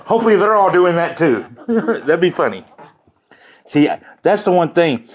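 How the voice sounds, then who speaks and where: A man hosts a casual livestream, joking and rambling with his viewers. His voice sits a little high for a man and swings widely in pitch as he talks. He laughs often and keeps the tone loose. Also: sing-song, normal speed, slightly rough. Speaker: livestream host chatting with viewers.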